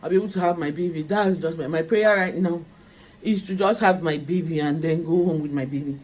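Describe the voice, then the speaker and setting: A woman's voice: deep voice, a little fast, darkish tone, slight background noise. Tired pregnant woman rambling in hospital. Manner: rambling and repetitive, circling back to the same phrases. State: tired, pregnant patient awaiting labor. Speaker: vlogger. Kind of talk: casual chat to camera. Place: hospital room.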